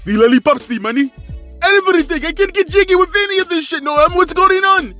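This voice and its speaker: A man's voice: extremely high pitch, quick pace, bright, forceful tone, faint music behind, voice pushed up. A man putting on an exaggerated, mocking impression of an agitated male wrestler. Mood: whiny. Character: whiny, agitated male wrestler rant, high and loud.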